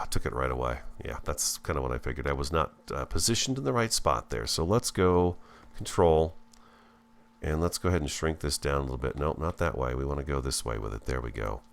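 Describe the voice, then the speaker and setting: A low, deep-voiced man talks his way through a building game in a relaxed, folksy ramble. His voice swings up and down a lot as he chats to viewers like old friends, close to a desk mic. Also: gravelly. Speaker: let's-play host. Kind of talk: casual gameplay commentary.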